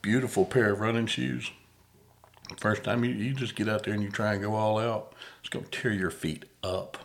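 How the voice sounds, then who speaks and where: A man's voice: on the low side, fairly even intonation, moderate pace, creaky. A middle-aged man, hosting a podcast in a folksy, rambling, self-deprecating way. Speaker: podcast host. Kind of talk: casual interview chat.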